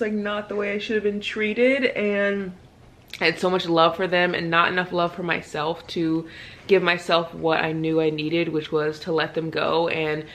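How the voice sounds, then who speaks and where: Chatty thirty-year-old woman, slightly low voice. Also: recorded from a distance, poor audio. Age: 30s. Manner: chatty, fillers of "like" and "literally". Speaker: book vlogger. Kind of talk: casual chat to camera.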